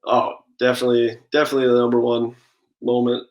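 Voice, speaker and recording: A man in his thirties talks easily as a guest, spinning relaxed stories with lots of "like" and "I mean". His voice sits in a middling pitch and stays fairly level, rarely rising or falling much. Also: quick pace, highs cut off. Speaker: guest, professional baseball pitcher. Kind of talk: casual interview chat.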